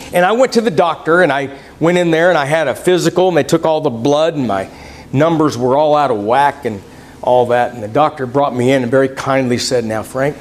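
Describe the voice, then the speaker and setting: A male preacher giving a conversational sermon in church, addressing the congregation as folks and reading scripture aloud. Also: high voice. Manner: folksy, conversational, quotes scripture in King James wording.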